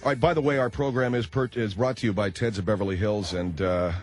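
A man hosting a radio talk show, speaking in a deadpan, halting way with many pauses. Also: lowish voice, soft background music.

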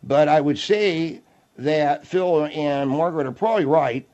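A man's voice: fairly high pitch, unhurried, a little mellow, dull audio. A man hosting a comedic radio talk show, wry and playful, often mock-flustered.

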